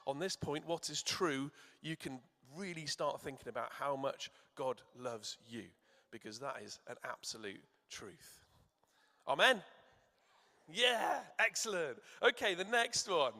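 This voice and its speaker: A man with a fairly high, bright and forceful voice gives a sermon in a church. He keeps drawing in the children, encouraging them to shout out answers. A long reverb hangs around his words. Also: very animated, a little slow. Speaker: church speaker.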